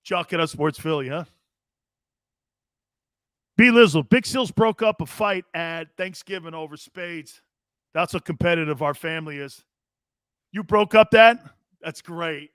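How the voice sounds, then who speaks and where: A man's voice: on the high side, a little slow, long pauses, fairly bright tone, dry recording, clean studio sound. Brash profane male sports show host. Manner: brash, profane, laughing between lines. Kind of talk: casual chat reading live comments.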